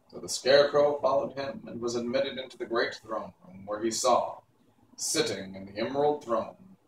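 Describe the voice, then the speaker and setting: A man reading a classic storybook aloud in a measured, even way. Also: mid-range voice, echoey room, recorded from a distance, slight background noise, rough recording. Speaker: reader.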